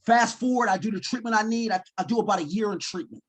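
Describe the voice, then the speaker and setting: Delivering a keynote, this man in his forties recounts his life story with animation, performing his own quotes. His voice sits high and he speaks quickly.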